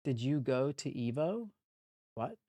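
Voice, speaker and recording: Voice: mid-range voice, very animated, measured pace, warm tone, no echo, studio quality. A live streamer chatting casually with viewers while solving word puzzles, thinking aloud with blunt, profane banter. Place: home streaming room.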